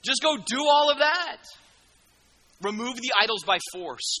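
A man preaching with a high, very bright voice, lively and joking as he acts out the people in the story. His words ring out with a long hall reverb behind them. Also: a little slow. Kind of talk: sermon.

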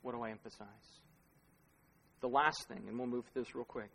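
A man's voice: mid-range voice, steady tone, fairly quick, vocal fry, a bit bright, husky. A man preaching in a reverberant hall. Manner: conversational preaching with self-deprecating laughs and rhetorical questions. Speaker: pastor. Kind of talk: sermon. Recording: long reverb of a large hall.

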